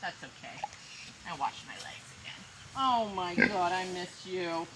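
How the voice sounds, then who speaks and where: A young woman vlogging outdoors on a farm, talking to the camera and cooing in high baby talk to her pigs. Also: big pitch swings, a little slow. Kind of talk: casual vlog talk to pets and camera. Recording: outdoor noise and animal sounds behind.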